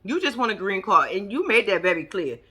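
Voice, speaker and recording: A woman's voice: mid-range voice, sing-song, brisk, bright, forceful tone, husky. A woman giving a brash, profane, casual recap of a TV episode, talking straight to her viewers. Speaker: reaction vlogger.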